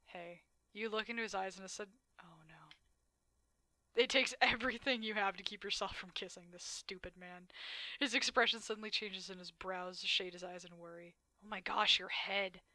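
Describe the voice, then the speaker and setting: A woman's voice: mid-range voice, steady tone, moderate pace, pushed and bright, no echo. A woman streamer reading a dating game aloud, dramatic narration broken by blunt, swearing asides.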